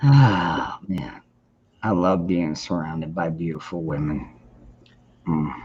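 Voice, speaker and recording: A man's voice: a bass voice, slow, darkish tone, husky. Rambling man on a lo-fi stream. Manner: rambling, swears freely, many restarts. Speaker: livestream host. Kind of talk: casual chat. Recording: dull lo-fi stream audio.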